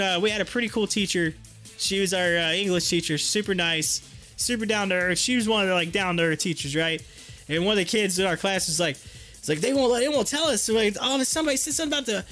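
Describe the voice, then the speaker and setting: A man's voice: extremely high pitch, bright, forceful tone. A man hosting a live stream, telling a long story casually, with many fillers and repeated words.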